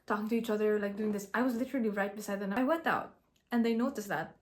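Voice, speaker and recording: A young woman speaks candidly to camera, recounting a personal experience in a reflective, unpolished way. Her talk is casual, full of restarts and filler words, at a medium pitch. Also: fast. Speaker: content creator. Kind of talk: personal storytelling vlog.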